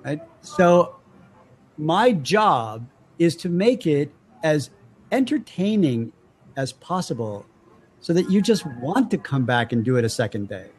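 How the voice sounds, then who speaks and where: A man with a slightly high voice chats as an interview guest, telling stories and putting on other people's voices as he goes. A faint hiss sits under the recording. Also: measured pace. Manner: animated storyteller acting out voices. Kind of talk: casual interview chat.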